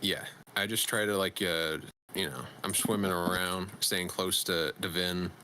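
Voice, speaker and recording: A man's voice: low voice, fairly even intonation, measured pace, sharp tone, a little hiss or hum. A man playing a tabletop game, describing his character's actions with many fillers and restarts. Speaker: player.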